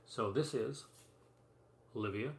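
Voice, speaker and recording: Hosting a laid-back live stream from home, this man shows off movie releases on physical media, rambling and chatting with lots of fillers and side comments. His medium-pitched voice has vocal fry and moves slowly. There's a roomy echo and a faint hum of room noise.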